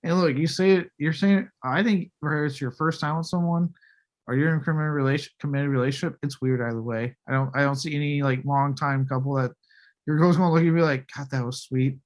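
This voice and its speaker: A man with a slightly high-pitched voice co-hosting a movie podcast. He is blunt and animated, and he swears freely as he mocks the film. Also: quick pace. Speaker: podcast co-host. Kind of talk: casual movie review chat.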